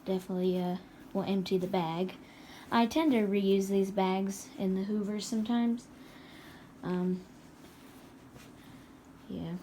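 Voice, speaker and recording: Woman rambling thru a home review, slow easy pace, mellow kinda dark voice, lots of ums. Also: medium pitch, steady tone, slight background noise. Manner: chatty, rambling, many fillers and laughs. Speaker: product reviewer. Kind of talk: casual home review demo. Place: home, indoors by a carpet.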